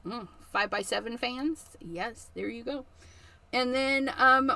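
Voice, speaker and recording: A middle-aged woman hosting a casual craft livestream, chatty and quick to laugh. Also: fairly high pitch, sharp tone.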